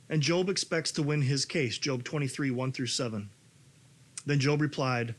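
A male pastor in his thirties delivers a sermon in a slightly high voice. He talks in a loose, conversational way, then climbs to a raised, urgent pitch when he reads the scripture passages. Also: moderate pace, slightly rough. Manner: animated, rising to near-shouting on scripture quotes.

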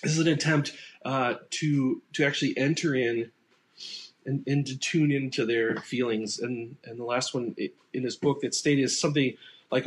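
Man preaching a relaxed, unscripted sermon. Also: mid-range voice, normal speed. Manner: relaxed and unscripted, acting out sample replies in quoted voices. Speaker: pastor. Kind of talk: conversational sermon.

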